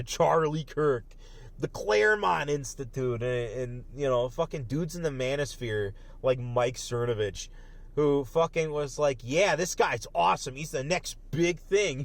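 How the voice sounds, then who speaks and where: A man hosting a commentary video in a rambling, profane rant. He laughs often and swings between loud bursts and muttered asides. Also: mid-range voice. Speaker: online commentary host.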